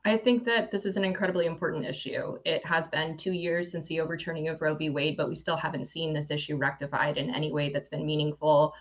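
A woman campaign director answering interview questions with steady, practiced talking points over a remote link. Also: sits low, fast, hardly any pauses, lo-fi sound.

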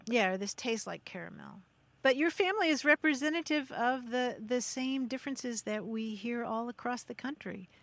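A woman's voice: fairly high pitch, moderate pace, hardly any pauses, fairly bright tone, dry recording. A woman from Kentucky co-hosting a radio show about language, chatting encouragingly with young callers. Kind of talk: casual radio chat.

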